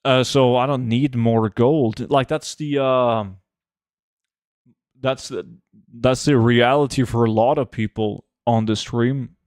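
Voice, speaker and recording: A man's voice: medium pitch, fairly even intonation, slow pace, a little mellow, no echo, clean studio sound. A man, a game streamer chatting casually and reading his chat aloud in a laid-back way full of fillers. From Norway.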